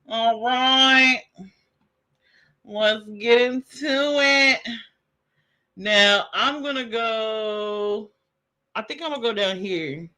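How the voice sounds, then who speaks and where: A man streaming casual commentary, relaxed and slangy, laughing often as he reacts to a clip. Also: extremely high pitch, extremely slow, long pauses. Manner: laid-back, laughing, slangy banter. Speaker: streamer reviewing a live stream.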